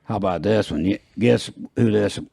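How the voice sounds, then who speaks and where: A man's voice: lowish voice, moderate pace, gravelly, dark tone, slightly rough, dry recording, clean studio sound. A man, hosting a podcast in a loose, rambling, jokey way and laughing at his own jokes. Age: 50s. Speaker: podcast host. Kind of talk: casual chat.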